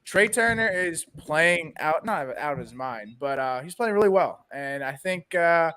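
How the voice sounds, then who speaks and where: A man's voice: on the high side, animated, measured pace, pushed and bright. A man co-hosting a casual sports podcast, talking animatedly and reading sponsor spots. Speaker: podcast co-host.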